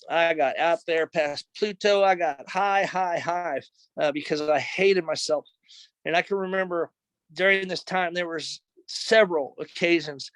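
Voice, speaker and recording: A middle-aged man in his office shares a recovery testimony, earnest and emotional, retelling events conversationally. His voice is high-pitched and a bit bright, on a dry recording of poor audio quality.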